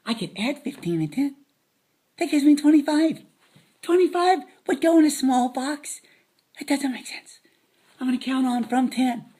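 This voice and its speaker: A woman's voice: sits high, expressive, normal speed, warm tone. A woman giving a playful math lesson to children, dropping silly jokes as she counts. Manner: silly, joking asides.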